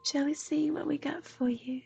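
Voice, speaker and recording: A woman giving a gentle, half-whispered livestream psychic reading. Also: high voice, fairly even intonation, moderate pace, gravelly, soft background music. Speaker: intuitive reader.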